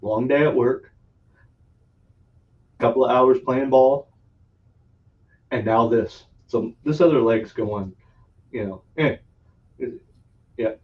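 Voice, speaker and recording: A man's voice: mid-range voice, slow, long pauses. Laughing man telling a rambling story. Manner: laughs often, profane, rambling anecdote. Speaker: podcast host. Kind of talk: casual storytelling. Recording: distant, dull lo-fi sound.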